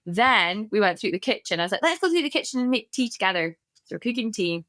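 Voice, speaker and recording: Mum, 30s, chatty podcast co-host, animated storyteller, dry sound. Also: female voice, mid-range voice, fast talker, dry recording. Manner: animated storyteller, laughs often. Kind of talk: casual storytelling chat.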